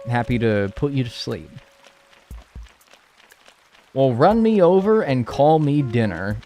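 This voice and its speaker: A man's voice: medium pitch, very animated, takes it slowly, dark tone, faint music behind. A young man streaming a video game, chatting casually and rambling, swearing freely as he talks. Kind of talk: casual stream chat while playing.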